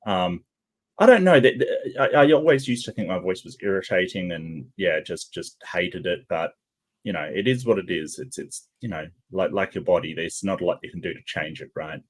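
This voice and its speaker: A man's voice: low voice, normal speed. A man with an English accent, hosting a casual group chat in a rambling, conversational way. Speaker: host.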